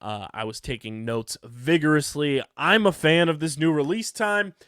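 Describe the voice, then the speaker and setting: A man's voice: on the high side, clear, resonant tone, no room sound, clean studio sound. A man hosting a podcast, reading ads and reviewing an episode with enthusiasm while tired late at night. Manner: energetic, enthusiastic, fast ad reads. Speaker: podcast host.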